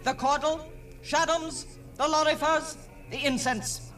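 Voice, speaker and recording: Cult priestess: haughty, high, slow, off-mic over music. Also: male voice, steady tone, pushed and bright, heavily acted. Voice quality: haughty, cold. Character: cold, proud cult priestess. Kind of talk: radio drama acting. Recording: distant mic with music under.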